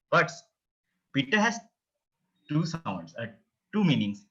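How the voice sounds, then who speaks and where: Slow, animated male teacher. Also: a little high, breathy edge. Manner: patient, repeats words many times for drilling; explains pronunciation step by step. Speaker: language teacher. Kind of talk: beginner language lesson. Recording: dull lo-fi recording.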